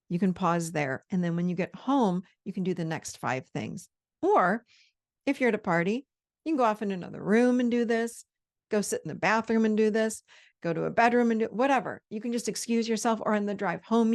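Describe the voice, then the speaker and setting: A woman in her fifties giving a conversational coaching talk on handling triggers, slowing down to model calm self-talk. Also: medium pitch. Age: 50s. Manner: conversational, with quoted inner dialogue. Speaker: host.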